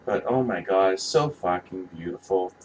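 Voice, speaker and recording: A man's voice: low voice, normal speed, slight background noise, poor audio. A man giving casual, rambling commentary, passionate and profane, often restarting his sentences. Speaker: vlogger reviewing movie posters.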